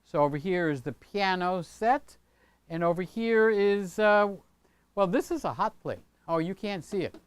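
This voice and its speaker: A man's voice: high voice, animated, measured pace, smooth, dry recording. An older man hosting a casual livestream from his home studio, rambling and chatty, often tagging on "okay?". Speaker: channel host. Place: home studio room with set pieces.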